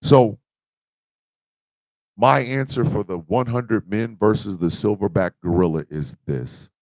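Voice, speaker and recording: A man with a very deep, gravelly voice hosting a livestream, talking passionately and with heavy emphasis. His delivery swings between hushed and loud, recorded close and dry. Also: measured pace, no echo, low-quality recording. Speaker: live show host. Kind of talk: emotional livestream monologue.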